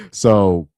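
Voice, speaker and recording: A man's voice: dark tone, no echo, studio quality. A man in casual livestream commentary, laid-back, laughing often and trailing off mid-thought. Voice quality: deep voice he calls super villain-like. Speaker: reaction streamer.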